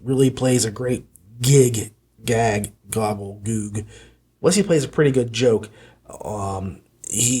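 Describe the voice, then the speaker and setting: A man's voice: mid-range voice, husky. A man hosting a podcast, talking through an audiobook review in a rambling way and often correcting himself mid-sentence. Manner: rambling, with frequent self-corrections. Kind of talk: casual review monologue.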